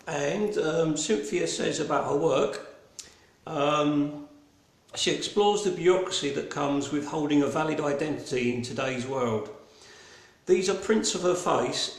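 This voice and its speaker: A fairly high-pitched man with a broad Cockney accent, recorded with reverb, hosts a casual live-streamed gallery private view online. He rambles with many ums and restarts and swears cheerfully.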